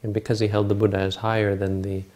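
A man's voice: lowish voice, completely flat delivery, fast talker, darkish tone. A man retelling a Buddhist scripture story in a talk, informal and searching aloud for words and names.

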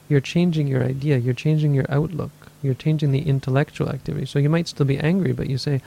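This meditation teacher's voice sits on the high side, steady, gravelly and dark-toned, and he's a fast talker. In a dharma talk answering questions, he reasons aloud thoughtfully, corrects himself, and voices people's inner dialogue.

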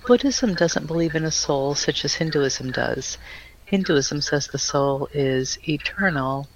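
A man's voice: fairly high pitch, expressive, unhurried, poor audio. Man plainly reading out questions. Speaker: question reader.

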